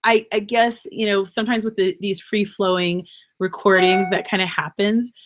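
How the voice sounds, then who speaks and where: A podcast host, an earnest woman with a mid-range voice, gives a rambling, encouraging motivational talk without a script, sounding emotional and near tears. Her delivery is flat and her speed normal, with a noisy background behind her.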